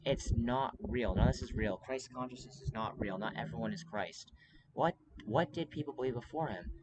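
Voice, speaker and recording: Guy rambling urgently to his camera, lots of ums, average pitch, noisy hiss behind. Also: normal speed. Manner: rambling, urgent, many fillers and restarts. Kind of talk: casual monologue to camera.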